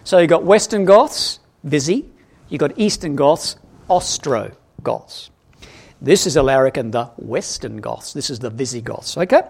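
With a medium-pitched, slightly rough voice full of vocal fry, a man teaches an expository Bible lesson at a measured pace. His delivery is animated, he quizzes the audience, and he keeps correcting himself.

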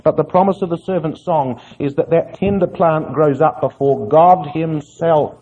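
A man's voice: on the high side, moderate pace, hardly any pauses, husky. A man preaching an earnest Bible exposition sermon, putting questions to his listeners and answering them himself. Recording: muffled lo-fi sermon recording.

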